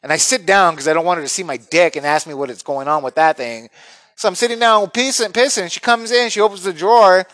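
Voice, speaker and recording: A man's voice: high voice, fast talker, a bit bright, no room sound. A man telling a crude comic story, acting out other people's voices with big jumps.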